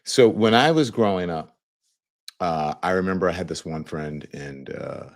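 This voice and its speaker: A man in his fifties from Louisiana, hosting a show and telling a relaxed personal story to viewers in a casual monologue. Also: sits low, normal speed. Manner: relaxed storytelling, conversational, many fillers. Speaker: show host.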